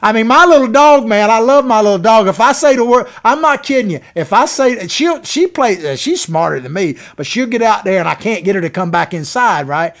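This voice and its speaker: A man's voice: high-pitched, expressive, a little fast, few pauses, fairly bright tone. A man hosting a political talk show, delivering opinionated commentary in a folksy, sarcastic way. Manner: folksy, sarcastic, mocking impressions.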